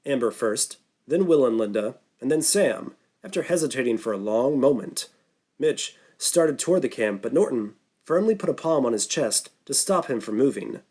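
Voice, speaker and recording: A man reading an audiobook thriller in steady scripted narration. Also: mid-range voice, normal speed, breathy edge.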